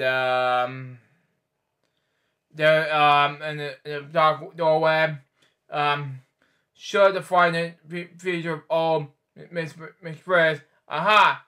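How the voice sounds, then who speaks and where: A man's voice: a little high, little pitch movement, slow, bright, forceful tone. A man reading a picture book aloud, stumbling over words and breaking off into rambling side comments. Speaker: storyteller host.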